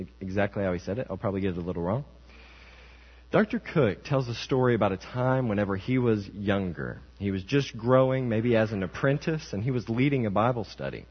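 Young male preacher in a reverberant hall. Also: on the low side. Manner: storytelling, acts out quoted voices. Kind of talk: sermon. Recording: muffled church hall with mains hum.

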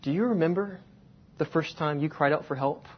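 A man preaching a sermon, telling a personal story and slowing down to stress key words. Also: on the high side, slightly rough. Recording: dull lo-fi sound.

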